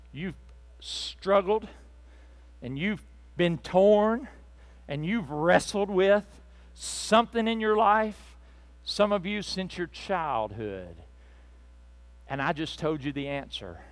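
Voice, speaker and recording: A man preaching a fervent sermon to a church congregation, swinging between loud bursts and hushed asides. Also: fairly high pitch, lively intonation, takes it slowly, long pauses. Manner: speaks to the congregation directly, with asides and apologies.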